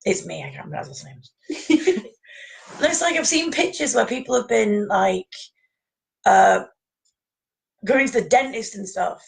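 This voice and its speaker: A woman's voice: a little high, expressive, measured pace, vocal fry, pauses often, rough recording. A woman telling rambling anecdotes in casual chat, laughing often.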